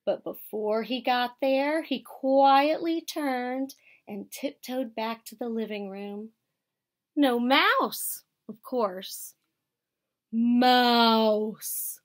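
American woman teacher, storybook read-aloud; unhurried, slightly high, gentle. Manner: gentle, explains words to children. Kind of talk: children's picture book read-aloud. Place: school.

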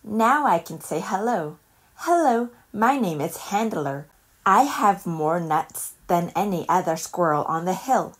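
A woman doing a chirpy, fast-talking squirrel. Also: fairly low pitch, expressive, slightly rough. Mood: chatty boastful. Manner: rapid, chirpy and pleased with himself.

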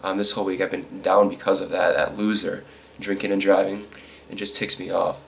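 A man giving casual, rambling commentary on news stories, irritated and quick to chuckle. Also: low-pitched, level tone, gravelly, a little hiss or hum.

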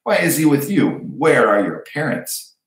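A man's voice: mid-range voice, big pitch swings, unhurried, voice pushed up. A man voicing a sneering, snobbish wizard schoolboy with a drawl. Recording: roomy echo.

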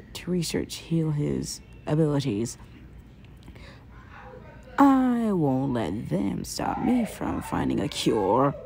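Woman plays old grandfather scientist in a fan audio drama, anxious and devoted, lowered voice, slow and hushed, stammers. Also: gravelly, full character voice.

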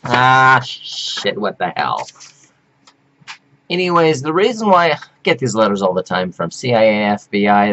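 Male performance-artist vlogger, camp and theatrical, lively swooping delivery, webcam mic at home. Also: highs cut off. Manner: flamboyant, whooping, giggly, theatrical swings from shrill to low mutter. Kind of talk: rambling camp monologue to webcam.

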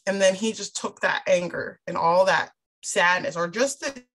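A woman gives a personal testimony in a church setting. She tells it like a lively story, repeating phrases for emphasis and acting out what others said. Her voice sits in an ordinary middle pitch. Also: moderate pace. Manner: animated storyteller who acts out dialogue. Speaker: church speaker sharing a testimony.

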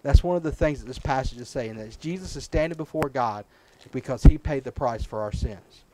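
A man's voice: medium pitch, brisk, warm tone, slight background noise, rough recording. A man, a preacher, teaching a children's Sunday school Bible lesson, checking in with the kids often. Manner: patient, checks in often with "right?" and "okay?".

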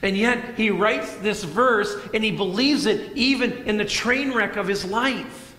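A middle-aged man preaching a sermon as pastor, moving between loud emphatic lines and soft hushed ones. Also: high-pitched, a little slow. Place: church sanctuary. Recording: echoey church hall.

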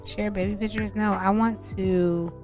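A young woman hosts a casual game let's-play, speaking. She chats warmly with her viewers and often gets excited as she goes. Faint music plays softly behind her voice. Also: mid-range voice, a little slow. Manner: chatty, excitable, talks to viewers as y'all. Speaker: gaming channel host.

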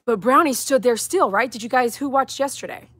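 A woman's voice: a little high, brisk, fairly bright tone, slightly rough. A woman dog groomer talking outdoors on a live-streamed grooming demonstration, chatty, coaxing and reassuring.

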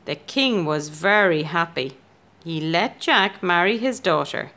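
Female narrator for a children's storybook, unhurried, expressive pitch. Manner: slow, lively storytelling with changing pitch. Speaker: storybook reader.

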